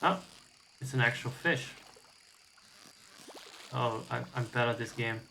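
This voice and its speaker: A man's voice: mid-range voice, fairly even intonation, slow, gravelly, bright, forceful tone, slight background noise, poor audio. A man streaming a game, casual commentary, wry and profane with rambling asides.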